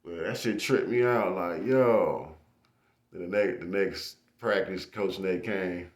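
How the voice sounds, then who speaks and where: Young man, low-pitched, casual storyteller, echoey room. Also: slow pace. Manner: animated, laughing, with acted-out shouts.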